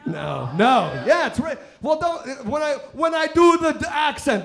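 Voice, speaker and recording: A man doing stand-up comedy on a live stage, profane and rambling, working the crowd with bursts of shouting. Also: very high voice, very animated, a little slow, vocal fry, few pauses.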